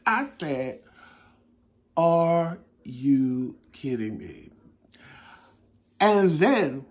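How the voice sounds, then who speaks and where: Guy hosting his own talk show, telling a story all loose and animated, cusses a lot. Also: on the high side. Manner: animated, swearing, laughing at himself. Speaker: host. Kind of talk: casual storytelling.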